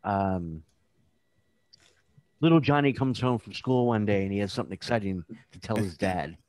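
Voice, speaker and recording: A man in a casual online meeting, telling a joke with lively delivery and squeaky character voices. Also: moderate pace, no room sound. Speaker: meeting participant.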